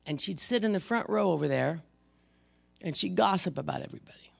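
A pastor preaching a sermon in church to the congregation, emphatic, swinging from loud rebukes to hushed intensity. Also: medium pitch, lively intonation, brisk, gravelly. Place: church service before a congregation.

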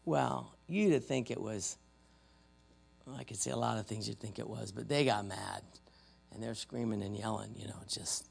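A church trainer teaching spiritual warfare through stories, animated and joking at their own expense. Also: mid-range voice, normal speed, creaky, breathy edge. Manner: animated, acts out loud quoted voices.

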